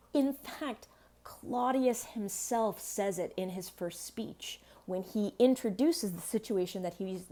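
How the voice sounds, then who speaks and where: A woman's voice: medium pitch, a little mellow. A woman teaching in a casual explanatory lesson, chatty with sassy asides.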